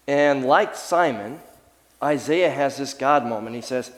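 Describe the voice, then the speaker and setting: A man preaching a sermon as the pastor, lively and animated, sometimes acting out the voices of people in his story. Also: mid-range voice, normal speed, in a large hall. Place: church sanctuary.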